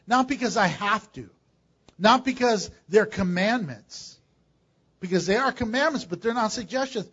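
An older man preaching a sermon as pastor, animated and joking, with sudden loud bursts. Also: sits high, highs cut off. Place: church.

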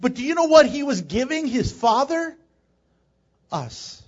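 A male pastor preaching a sermon in a church, animated and joking with laughing asides. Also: very high-pitched, a little slow, pauses often, highs cut off.

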